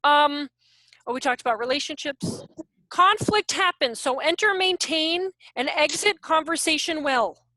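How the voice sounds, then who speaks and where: High-voiced woman presenting an online workshop. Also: unhurried, no room sound. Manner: animated, asks the audience rhetorical questions. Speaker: workshop presenter on child behavior. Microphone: video call.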